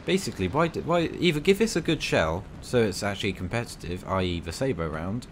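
A man talks through a tank game in a loose, chatty commentary. His voice swings widely in pitch as he cheers, grumbles and scolds enemy players with mock indignation. A faint hiss of noise sits under the recording. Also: fairly quick. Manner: excitable, banters at enemies with mock outrage. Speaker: gaming video creator. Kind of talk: casual gameplay commentary.

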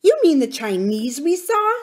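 A woman's voice: fairly high pitch, big pitch swings, unhurried, voice pushed up. A woman voicing a prim, authoritative middle-aged society lady who is easily shocked.

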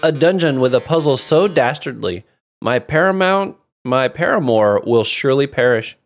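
A man's voice: mid-range voice, lively intonation, moderate pace, close to an everyday voice. Man hamming up a flamboyant robot showman. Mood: gloating. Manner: melodramatic, drawls "darling". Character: flamboyant male robot TV star, theatrical villain.

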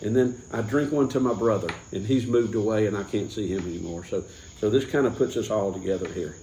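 A man voicing a pub regular in a halting, badly put-on Irish-Australian accent, as part of a joke. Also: on the low side, mellow, reverberant, a little hiss or hum, natural voice, low-quality recording. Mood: wistful. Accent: mock Irish-Australian, put on badly. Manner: halting, hesitant storytelling. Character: man ordering three pints at a pub.

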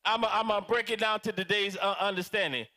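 A man preaching a sermon as pastor, animated and calling out to his congregation for responses. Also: high-pitched, fast. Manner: animated, dramatizing prayers in different voices.

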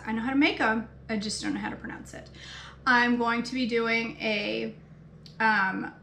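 Maine lady talking cooking live, kinda high voice, echoey kitchen w/ faint hum behind. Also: a bit bright. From Maine, United States. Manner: chatty and homey, addresses viewers by name. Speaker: cooking show host and health coach. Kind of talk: casual live cooking chat. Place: home kitchen.

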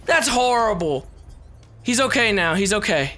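Excitable shouting let's-play man. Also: sits high, unhurried, a little hiss or hum. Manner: excitable, shouty, swears a lot. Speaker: gameplay commentator. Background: game music.

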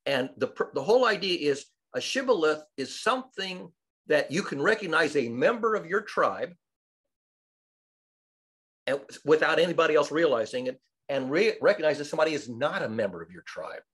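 Animated older man telling stories. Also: fairly high pitch, moderate pace. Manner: lively storyteller, animated and wry. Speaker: study group participant. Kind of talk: casual group discussion.

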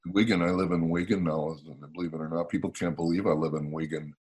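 A man's voice: low-pitched, fast. An American man in his sixties, a motivational speaker telling stories in a casual conversation and acting out the dialogue. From United States. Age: 60s. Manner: animated storyteller, acts out quoted dialogue.

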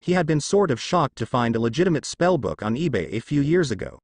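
A man reading fan fiction aloud in a steady voice. His pitch moves up and down with lively variation. The recording is dry and close. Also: brisk, no room sound. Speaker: narrator.

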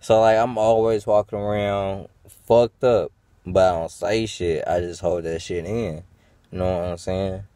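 A man's voice: low voice, fairly even intonation, measured pace, mellow, no echo. A man venting in a rambling, profane monologue to his viewers, full of fillers and restarts. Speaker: vlogger.

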